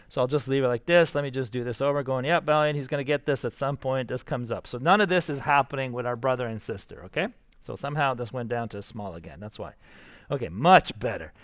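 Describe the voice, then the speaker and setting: An energetic man teaching a drawing class, showing his students the steps and cheering them on as he works. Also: medium pitch, fairly quick, smooth, no room sound, studio quality. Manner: energetic, enthusiastic, talks straight to students. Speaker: art teacher.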